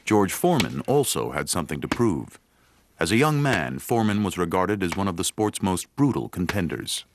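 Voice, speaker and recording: A man giving measured, scripted narration for a sports documentary. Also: deep voice, background noise. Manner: measured, even storytelling delivery. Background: music bed.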